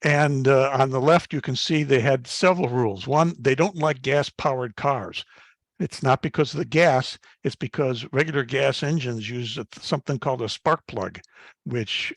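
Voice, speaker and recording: An older man in his seventies gives a guest slide talk to an astronomy club, moving through his slides in a folksy, anecdotal way. His voice sits at a middling pitch, and his speech is full of "uh"s and little restarts. The sound is dry and close, with no room around it. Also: a bit bright, no room sound. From Chicago, United States. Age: 70s. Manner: folksy storytelling with frequent fillers and restarts.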